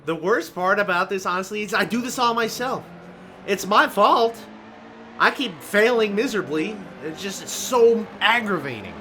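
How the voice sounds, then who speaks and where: A man giving live commentary on a racing game, grumbling and ranting, swinging from low muttering to loud outbursts. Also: expressive, moderate pace. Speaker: gaming video host. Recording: game engine noise behind voice. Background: racing game car sounds.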